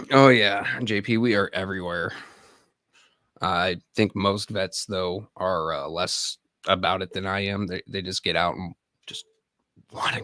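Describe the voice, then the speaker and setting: A man's voice: on the low side, dry recording, clean studio sound. A man in his thirties, an army veteran hosting a live stream, rambling and profane as he chats straight to viewers. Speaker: livestream host and army veteran. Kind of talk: casual live-stream chat.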